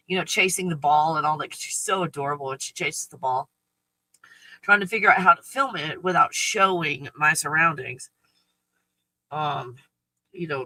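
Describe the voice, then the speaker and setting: A woman's voice: fairly low pitch, bright, forceful tone, no room sound, low-quality recording. A woman hosting a casual live stream from home, blunt and freely swearing, cooing in baby talk at her dog.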